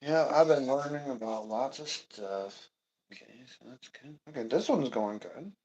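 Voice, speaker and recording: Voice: mid-range voice, lively intonation, measured pace, a little mellow, muffled recording. A cooking streamer chatting casually and playfully, often chanting little words in a sing-song way.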